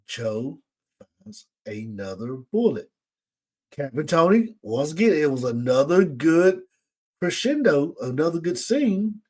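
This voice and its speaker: Animated man recapping a TV episode. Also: a little high. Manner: animated retelling, acts out characters' lines. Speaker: podcast host.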